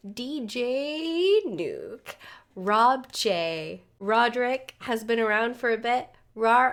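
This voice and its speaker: A woman hosts a reaction stream in a chatty, playful manner. She talks slowly at a middle pitch, and she is still getting over being ill. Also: a bit bright. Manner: chatty and playful, with many fillers. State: recovering from illness. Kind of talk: casual chat.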